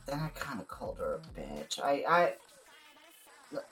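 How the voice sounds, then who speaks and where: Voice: mid-range voice, sing-song, unhurried, a bit bright, soft background music. A tabletop player speaking in character over voice chat, stammering and self-deprecating. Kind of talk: in-character voice-chat role-play.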